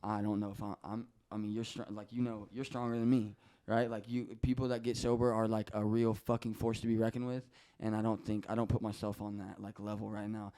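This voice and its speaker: A man's voice: on the low side, flat delivery, a little fast, few pauses, warm tone. A man talking as a podcast guest, telling personal stories in a rambling, heartfelt way, swearing a lot and restarting his sentences often. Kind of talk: casual emotional storytelling.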